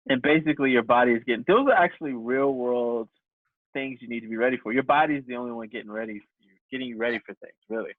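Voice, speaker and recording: A man's voice: medium pitch, fast talker, no room sound. A man co-hosting a podcast, chatting casually and jokingly, acting out little scenes. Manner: jokey, acts out little scenes. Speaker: podcast co-host. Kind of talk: casual comedic chat. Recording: dry, tinny phone-like sound.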